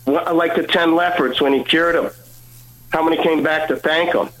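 A man speaks as a guest on a radio broadcast, telling a personal story in an earnest way. He acts out the lines of the people in it, and his voice sits a little high for a man. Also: steady tone, moderate pace, fairly bright tone, low-quality recording. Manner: earnest storytelling, acting out dialogue. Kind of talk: personal testimony.

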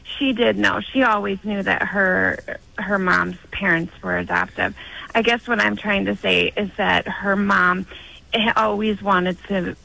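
A woman phones in to a radio show and speaks with a deeply gravelly, creaking voice. Her tone is bright and sharp. She hesitates often and mostly answers with short agreements. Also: steady tone, measured pace, poor audio. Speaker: caller. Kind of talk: phone-in conversation.

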